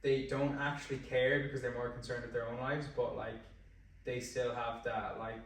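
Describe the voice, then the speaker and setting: A man's voice: mid-range voice, little pitch movement, normal speed. Young Irish male fitness coach, chatty and rambling, in a roomy, echoey space with the mic set back. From Ireland. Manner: rambling, restarts sentences, heavy use of "like". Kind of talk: casual podcast conversation. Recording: very echoey room, distant mic.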